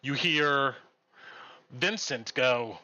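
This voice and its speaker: A man's voice: mid-range voice, very slow, lo-fi sound. A man narrating as game master in a live-streamed tabletop game, with plenty of "um"s between descriptions. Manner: animated narration with frequent "um"s.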